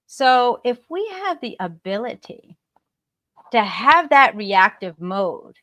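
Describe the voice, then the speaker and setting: Brief: American woman guest speaker, animated, higher voice, dry video-call sound. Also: takes it slowly, dry recording. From United States. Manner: animated, acts out example remarks in varied tones. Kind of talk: motivational talk on a live stream.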